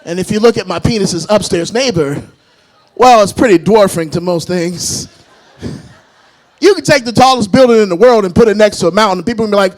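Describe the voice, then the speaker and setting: A man with a notably high voice performing stand-up comedy on a club stage. He is self-mocking and animated, and often laughs at his own jokes while speaking into a handheld mic. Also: a little fast.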